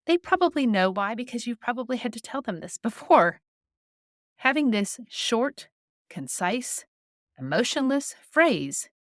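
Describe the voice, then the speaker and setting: A woman hosts an advice podcast in a calm, coaching tone, acting out brief, firm phrases for listeners to use. Her pitch moves around a lot as she talks. The recording is dry and close, with no room sound. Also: no room sound. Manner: calm, coaching, models short scripted replies. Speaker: podcast host.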